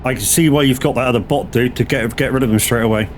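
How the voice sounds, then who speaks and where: A man's voice: medium pitch, fast talker, a little hiss or hum. A man from Southwest England with a West Country accent, chatting casually on a game stream and answering viewers. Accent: West Country English. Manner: relaxed, reads chat aloud and answers. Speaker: gaming streamer. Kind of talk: casual live-stream chat.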